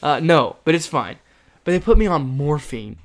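Rambling young man with a higher voice. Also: sing-song. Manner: rambling, halting, with many fillers and restarts. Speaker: storyteller in casual chat. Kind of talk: casual chat.

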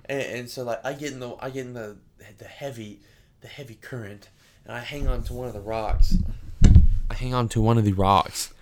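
A man's voice: medium pitch, steady tone, normal speed, slight background noise. A young man telling a rambling story in casual chat, stumbling over filler words. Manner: rambling, many fillers and restarts, laughing. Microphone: handheld microphone.

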